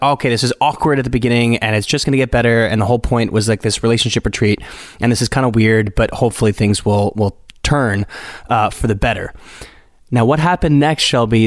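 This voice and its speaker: A young adult man with a mid-range voice joins the podcast to tell a story in casual chat. He talks in a measured, reflective way with a wry edge. The sound is dry, with no room to it. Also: mid-range voice, no echo. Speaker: podcast co-host, husband.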